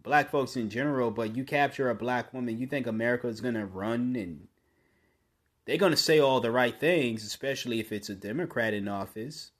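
A man hosting his own podcast, speaking in a blunt, opinionated monologue that often restarts mid-sentence and rises into forceful bursts. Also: mid-range voice, a little fast. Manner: conversational with frequent restarts. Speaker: podcast host.

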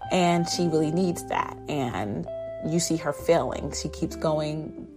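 A woman with a notably low voice talks through a drama episode like she's chatting with a friend. She is animated and loose, leaning on "like" and "basically". Guitar music plays clearly underneath her. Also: takes it slowly. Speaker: TV drama recapper. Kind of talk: casual episode recap.

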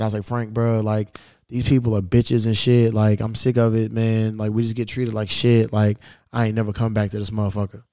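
Profane, rambling podcast host, dark tone. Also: male voice, on the low side, no room sound, studio quality. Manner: profane, rambling, animated when retelling. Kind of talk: casual storytelling.

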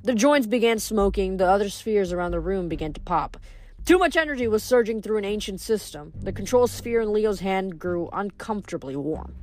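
A woman reading a novel aloud in steady storytelling narration. Her voice sits at a middle pitch for a woman, even and unhurried. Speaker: reader.

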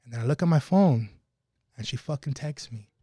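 A man's voice: medium pitch, expressive, brisk, mellow, slightly rough, no room sound. A man telling a profane, laughing story in casual podcast talk. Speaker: podcast guest.

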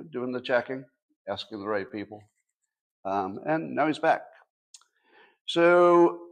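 Dry sarcastic man hosting a talk show. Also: medium pitch. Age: 60s. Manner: dry sarcastic asides to the audience. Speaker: podcast host. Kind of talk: casual livestream commentary.

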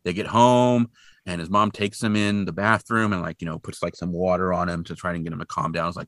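Man, animated, lowish voice, crisp and bright, casual plot recap, dry recording. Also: fairly quick, dry recording. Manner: animated, acts out characters in high put-on voices. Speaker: podcast co-host. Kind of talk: casual chat retelling a film.

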